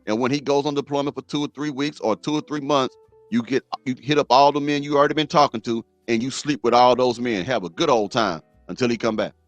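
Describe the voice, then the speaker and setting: A man's voice: medium pitch, fairly even intonation, fast talker, no room sound, soft background music. A middle-aged man hosting a reaction commentary, blunt and preachy, repeating himself for emphasis. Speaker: host.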